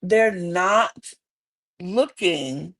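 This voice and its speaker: Young woman, podcast co-host, sassy, animated, casual recap chat, jumps up high when excited. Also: very slow. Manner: animated, sassy, swings into high-pitched exclamations.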